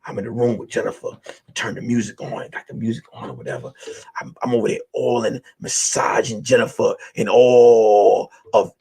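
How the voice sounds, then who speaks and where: A male comedian and podcast host telling a wild story, acting out the people in it and swinging from hushed lines to shouting. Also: mid-range voice, level tone, moderate pace, gravelly, husky.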